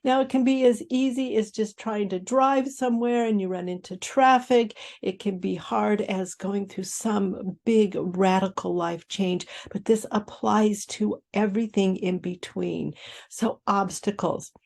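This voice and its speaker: A woman hosting a reflective self-help talk. She speaks slowly and gently, with a soft, mellow tone. Her delivery stays calm and unhurried throughout. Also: mid-range voice, vocal fry. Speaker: host. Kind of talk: inspirational talk.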